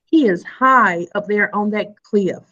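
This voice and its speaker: A woman teaching a live online phonics lesson to young children over a video call, sounding out letters in a slow sing-song way. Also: mid-range voice, bright, forceful tone, lo-fi sound.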